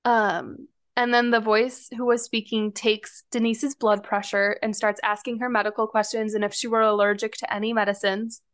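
A woman's voice: a little high, flat delivery, moderate pace, hardly any pauses, fairly bright tone. Woman recounting a true-crime story. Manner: retelling events with frequent fillers. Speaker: podcast co-host.

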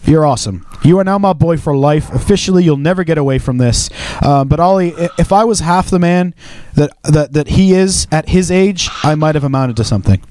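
Upbeat young man, slightly high voice. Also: a little fast, a little mellow, dry recording. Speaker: podcast co-host. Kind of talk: casual chat.

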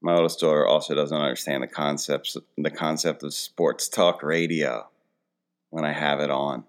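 Very deep-voiced man, rambling monologue. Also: steady tone, normal speed. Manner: rambling, self-deprecating storytelling. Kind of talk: casual comedic monologue.

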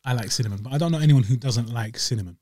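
A man's voice: mid-range voice, rapid-fire, warm tone, no echo. A man, co-hosting a podcast and joking through a casual dessert review with slang and banter. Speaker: podcast co-host. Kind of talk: casual food review chat.

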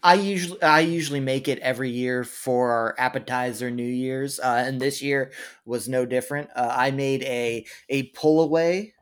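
A man's voice: medium pitch, normal speed, smooth. Podcast co-host, man, mid voice, self-deprecating, chuckly casual chat.

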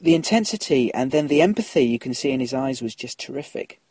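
A man's voice: mid-range voice, expressive, fairly quick, a little mellow, breathy edge, dry recording. A man hosting a casual podcast, chatting through listener emails and laughing at his own slips.

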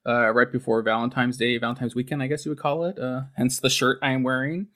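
A man's voice: mid-range voice, level tone, fast talker, sharp tone. A man hosting a podcast in casual chat, rambling with lots of fillers and frequent laughs. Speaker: podcast host.

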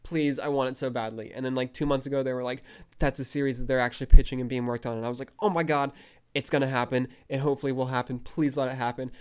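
A young man hosting a fan podcast, gushing with breathless, excited commentary and frequent outbursts. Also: mid-range voice, brisk, smooth. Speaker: podcast host.

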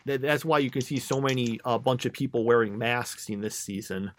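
A man's voice: mid-range voice, fairly quick, slight background noise. A young man chatting casually as a podcast co-host, rambling with many fillers, restarts and trailing thoughts. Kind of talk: casual chat.

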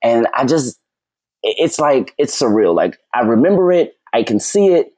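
A man telling a story as a podcast guest, animated, rambling and acting out quoted dialogue. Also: medium pitch, no room sound. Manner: fast, rambling with many "like"s. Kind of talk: casual storytelling chat.

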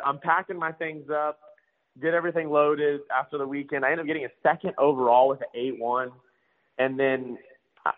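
A man's voice: mid-range voice, narrow, tinny audio. A man, a motocross rider and trainer telling a story in a casual, slangy way. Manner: laid-back, slangy, acts out quoted dialogue.

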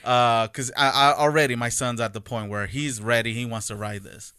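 Bright, clear-voiced man telling a story. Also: mid-range voice, normal speed, no room sound, studio quality. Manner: animated storyteller, acts out quotes. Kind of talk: casual chat.

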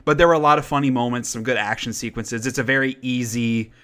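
Chatty man with a bright voice. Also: mid-range voice, fairly even intonation, quick pace. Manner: chatty, rambling, with frequent fillers and restarts. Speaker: podcast co-host. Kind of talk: casual chat reviewing movies.

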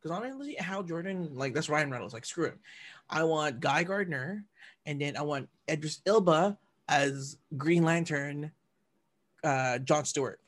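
A man's voice: a little high, lively intonation, unhurried, a bit bright. A man in casual chat about superhero films who steers the talk and teases his friend bluntly. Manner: steers the talk, teasing, brash.

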